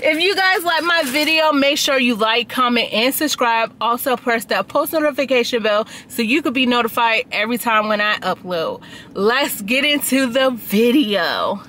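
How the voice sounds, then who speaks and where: A woman's voice: fairly high pitch, expressive, moderate pace, sharp tone, a little hiss or hum. A woman vlogger chatting casually and slangily to her viewers in an upbeat food vlog. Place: outdoors at sunset.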